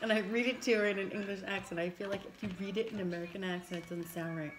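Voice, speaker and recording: A woman's voice: medium pitch, steady tone, rapid-fire, music in the background, rough recording. A middle-aged woman with a New York accent, co-hosting a casual eating video, teasing her partner and laughing often. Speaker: co-host. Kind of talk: casual chat while eating.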